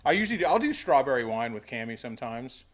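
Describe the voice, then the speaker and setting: A man in casual conversation who rambles through his stories and swears freely. His pitch sits in an ordinary middle range. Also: sing-song, quick pace. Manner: rambling, profane storytelling. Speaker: podcast host. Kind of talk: casual chat.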